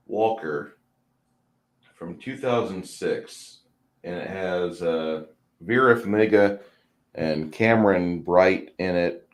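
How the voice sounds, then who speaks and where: Very deep-voiced man chatting casually. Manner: rambling, stammers and repeats words. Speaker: stream host. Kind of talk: casual chat while painting miniatures. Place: home.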